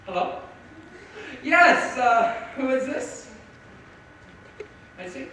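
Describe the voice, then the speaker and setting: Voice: high voice, expressive, drawn-out words, exaggerated voice. A teenage student acting on a school stage as a frantic party host trying to restore order. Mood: flustered. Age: teens. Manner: flustered, shouting for order. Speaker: student actor. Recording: echoey hall, mics far off, faint hiss.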